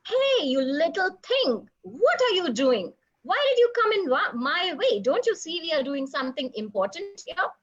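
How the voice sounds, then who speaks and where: A woman's voice: sits high, very animated, moderate pace, highs cut off. A woman voicing a bossy male monkey in a children's story, scolding and impatient.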